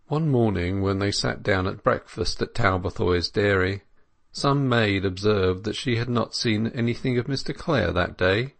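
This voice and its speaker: A man reads a classic novel aloud as an audiobook narrator. His voice sits low with a gravelly, creaky edge, and his delivery is measured and even.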